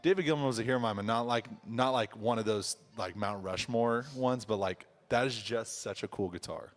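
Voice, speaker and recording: A man with a somewhat low voice who works in a guitar shop and talks loosely on a live stream. He thinks aloud and circles around his answers in a relaxed, rambling way. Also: a little fast, long reverb tail. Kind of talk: casual live-stream chat. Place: music store.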